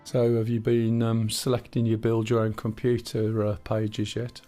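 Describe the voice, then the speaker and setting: A man's voice: lowish voice, completely flat delivery, normal speed, mellow, faint music behind. A man in his sixties hosting a live game stream, chatting casually with rambling, jokey asides. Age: 60s. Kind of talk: casual gameplay chat.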